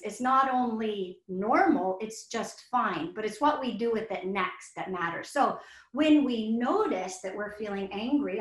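Soothing woman yoga teacher in an echoey room. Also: on the high side. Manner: soothing, encouraging, speaks to children and teachers. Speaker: children's yoga instructor. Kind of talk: guided yoga instruction in a webinar. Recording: roomy echo.

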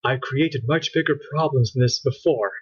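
A man voicing a determined, bossy girl scientist, close to his own husky voice, on a dull lo-fi recording. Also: mid-range voice, natural voice. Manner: brisk, matter-of-fact, near his own voice.

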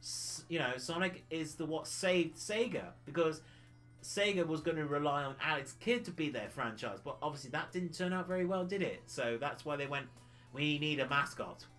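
A chatty man from the UK hosts a retro gaming livestream, rambling from one thought to the next and laughing often. His voice sits a little high and swings widely in pitch. Soft music plays faintly behind him. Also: expressive, normal speed. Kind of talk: casual livestream chat.

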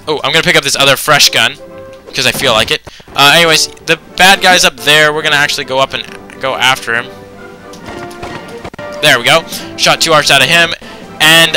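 A man's voice: medium pitch, pushed and bright. Rambling young man commenting on a game. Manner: rambling with many ums and anyways. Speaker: let's play commentator. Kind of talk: casual gameplay commentary.

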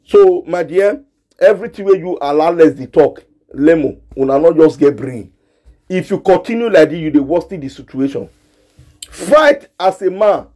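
A man's voice: on the high side, moderate pace, dark tone. A man from Nigeria with a Nigerian Pidgin accent, giving a scolding commentary that speaks straight to the people he criticizes and repeats himself for emphasis. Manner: scolding, repetitive, direct address. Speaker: gossip commentator. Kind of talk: ranting commentary.

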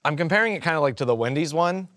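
A man hosting a food review podcast in loose, casual chat. His speech wanders through fillers and breaks into laughter, and his pitch rises and falls a great deal. The sound is close and dry. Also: lively intonation, racing, a bit bright, dry recording. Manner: rambling, filler-heavy, laughing often.

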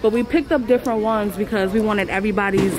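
A woman's voice: medium pitch, steady tone, fast talker, music in the background. A young woman vlogging to a handheld camera, chatting casually and slangily to her viewers while walking through a busy store. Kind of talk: casual vlog chat to camera. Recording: noisy store with crowd chatter. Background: store crowd noise.

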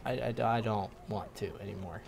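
A man's voice: lowish voice, fairly even intonation, normal speed, creaky, darkish tone, a little hiss or hum. A young man giving casual, joking commentary while playing a video game, swearing often and taunting the enemies on screen. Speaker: gaming video host.

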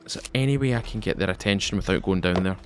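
A man's voice: deep voice, fast talker, a little hiss or hum. A man hosting a let's play, chatting and joking as he plays and talking back to the enemies on screen. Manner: chatty, jokey, talks to game enemies. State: tired. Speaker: gaming channel host.

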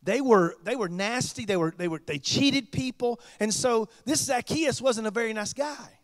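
A pastor preaching a sermon, chatty and joking with the congregation. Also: male voice, very high voice, normal speed, no echo.

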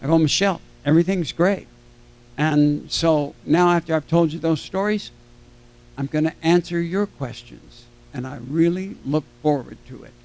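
An older man with a notably high voice tells loose, jokey stories from a convention panel stage. He keeps breaking off mid-sentence and circling back. Now and then he acts out the people he quotes. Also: normal speed, creaky, a little mellow. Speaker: celebrity panel guest. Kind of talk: rambling anecdotal storytelling.

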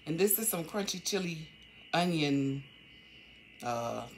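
A vlogger, a low-voiced woman of middle age, talks through a shopping haul from home. She keeps stopping, restarting and saying um as she goes, and a constant hiss runs beneath the audio.

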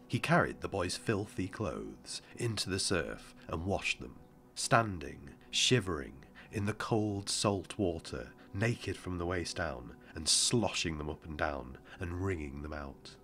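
A man narrating an audiobook in a measured, somber way. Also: sits low, lively intonation, gravelly, a bit bright.

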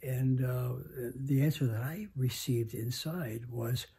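A man in his nineties telling a story slowly, halting with many pauses and restarts. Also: mid-range voice, mellow, breathy edge. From United States. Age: 90s. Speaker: interview guest. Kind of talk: reflective storytelling. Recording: home interview.

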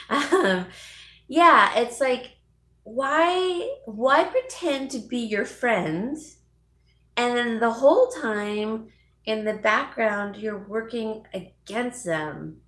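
A woman's voice: fairly high pitch, a bit bright, roomy sound. A woman hosting a casual live vlog from home, chatting with viewers by name and laughing often. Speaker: YouTube host.

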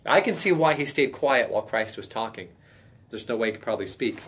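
A man teaching a casual Bible study in a folksy, emphatic way, now and then stressing phrases loudly. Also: medium pitch, animated, brisk, slight background noise.

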